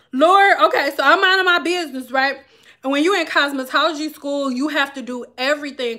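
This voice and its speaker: A woman vlogger telling a story to her viewers in a candid, animated, profane way. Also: sits high. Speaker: vlogger and hair stylist. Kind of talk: casual storytelling to camera.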